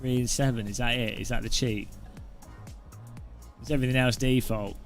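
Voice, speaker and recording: A man's voice: medium pitch, steady tone, normal speed, faint music behind. A man with a British accent chatting casually on a live stream, joking and rambling as he answers chat. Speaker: sim racing streamer.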